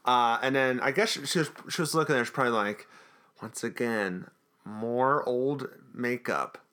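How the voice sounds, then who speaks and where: A man's voice: mid-range voice, normal speed, sharp tone, smooth. A man co-hosting a podcast, recapping an episode in a chatty, jokey way. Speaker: podcast co-host. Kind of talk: casual recap chat.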